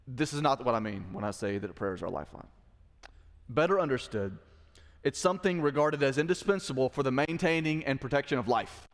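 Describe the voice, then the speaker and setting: Pastor preaching in a reverberant sanctuary. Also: male voice, medium pitch, lively intonation, brisk. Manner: conversational preaching, rhetorical questions to the congregation. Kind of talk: sermon. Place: church sanctuary.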